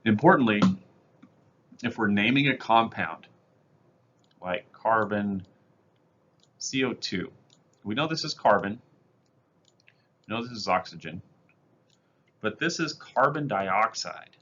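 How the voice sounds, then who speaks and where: A man's voice: on the low side, expressive, slow, pauses often, a bit bright, dull audio, a little hiss or hum. A male chemistry teacher giving a recorded lecture over slides, explaining step by step in a plain, methodical way with casual fillers.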